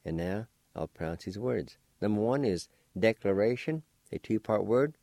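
A man hosting a radio language lesson, spelling out words syllable by syllable in a slow, deliberate way. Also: on the low side, animated, creaky, mellow, no echo. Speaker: language teacher and radio host.

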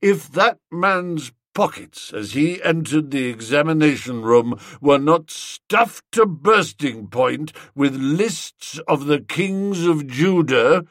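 A pompous young gentleman barks at a schoolboy, as a male narrator puts him on, his voice swooping up and down in cold, blustering accusation. Every word lands slow and deliberate, close and dry with no room around it. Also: on the high side, lively intonation, no echo. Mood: accusing.

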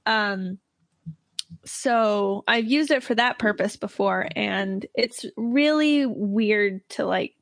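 A woman co-hosting a podcast in casual chat, playful and quick to laugh. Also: mid-range voice, vocal fry, no room sound. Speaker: podcast co-host.

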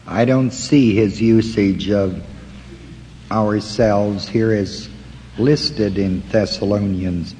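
A man teaching a Bible study, slowly walking listeners through word references in a deliberate way. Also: lowish voice, fairly even intonation, warm tone, big-room sound, slight background noise, poor audio. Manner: slow, deliberate, pausing to point out references.

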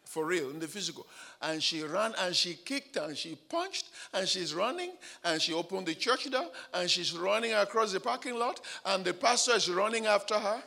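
A male pastor preaching a dramatic sermon, building up to shouted declarations. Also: sits high, lively intonation, normal speed, gravelly.

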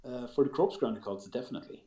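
A man's voice: medium pitch, expressive, fast, mellow, echoey room, poor audio. A man co-hosting a casual hobby chat, joking in a dry, sarcastic way. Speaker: podcast co-host.

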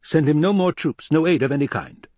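A man's voice: fairly high pitch, animated, a little fast, a little mellow, no echo, pitched above the performer's own voice. A man voicing an old male soldier spy and adviser, speaking in a clipped, insistent, lecturing way in a storybook reading.

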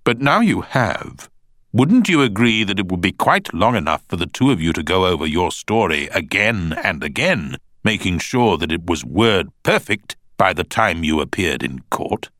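A cool trial barrister, read by a male narrator pressing a witness with measured, pointed questions. The voice sits low but moves a good deal in pitch. The recording is dry and close. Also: very animated, a bit bright, no echo. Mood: probing. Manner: measured, pointed cross-examining. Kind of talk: audiobook character voice.

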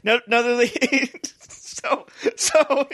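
A man hosting a comedy podcast, giggly and unhurried, slipping into hammy recitations. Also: extremely high pitch, sharp tone, dry recording, clean studio sound. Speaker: podcast host. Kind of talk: casual comedic chat.

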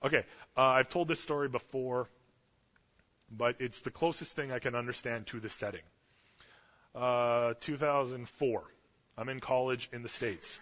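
A man in his thirties from Canada, preaching a sermon as pastor in an animated, casual storytelling way. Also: mid-range voice, normal speed, long pauses. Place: church sanctuary. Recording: dull lo-fi audio with long church reverb.

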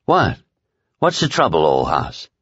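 A man's voice: low voice, huge pitch swings, a little slow, fairly bright tone, husky, no echo, muffled recording, full character voice. A man reading aloud and voicing a crude, boozy male henchman who talks in a rambling, profane, folksy way. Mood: earnest.

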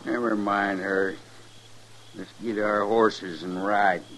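An actor playing a cold, brutal outlaw who taunts slowly and sneers, in 1950s radio drama style. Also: male voice, fairly low pitch, fairly even intonation, a bit bright, a little hiss or hum. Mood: gruff.

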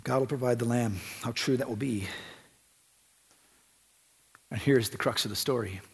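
A man's voice: medium pitch, normal speed, breathy edge, big-room sound. A male pastor preaching a sermon in an earnest, conversational way, repeating phrases for emphasis.

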